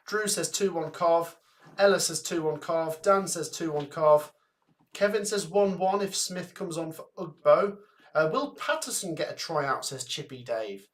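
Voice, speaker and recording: A man's voice: high-pitched, sharp tone. Chatty Coventry man hosting a football stream. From England. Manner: chatty, reads out names and scores briskly. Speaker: football watchalong host. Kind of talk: casual live-stream chat reading viewer comments.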